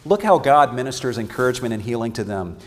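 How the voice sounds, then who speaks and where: A man's voice: mid-range voice, very animated, fast. A man teaching a parenting seminar in a sermon style, earnest and emphatic, often restarting his words. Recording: long hall reverb.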